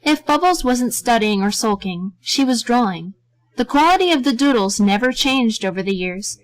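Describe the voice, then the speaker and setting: A woman reading a story aloud as narrator in a steady, gentle way. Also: mid-range voice, dry recording, low-quality recording.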